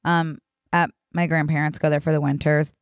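A woman's voice: low-pitched, little pitch movement, moderate pace, clean tone, dry recording, studio quality. Chatty young woman co-host. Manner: chatty, casual, laughs easily. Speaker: podcast co-host. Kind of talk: casual chat.

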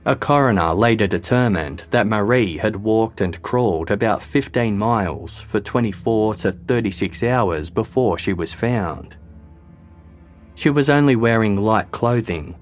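Low-voiced man narrating true crime. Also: measured pace, faint music behind.

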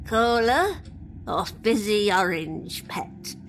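A man voicing an unhinged elderly aunt in a horror story podcast, with a croaky, put-on old-woman voice. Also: sits high, sing-song, slow pace, a bit bright, slight background noise, voice pushed up, full character voice. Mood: cooing. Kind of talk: audio drama narration.

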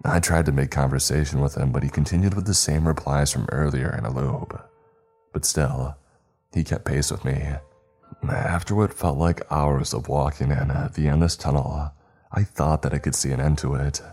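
A man reading a horror story aloud in a measured, steady narration. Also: a bass voice, soft background music.

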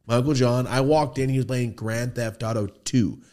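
A man's voice: mid-range voice, fairly even intonation, normal speed, mellow. A man in his thirties hosting a podcast, telling a casual, profane story and acting out the quoted voices. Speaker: podcast host. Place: podcast studio.

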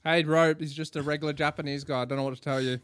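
A man's voice: fairly high pitch, fairly even intonation, quick pace, a bit bright, clear, resonant tone, no room sound, studio quality. A man in casual chat, defending his own joke with mock seriousness.

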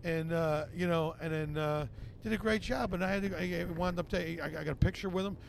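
High, gravelly comedian telling stories. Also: male voice, brisk, slight background noise. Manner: animated, profane anecdote teller who acts out other people's lines. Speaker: comedian guest. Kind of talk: podcast storytelling.

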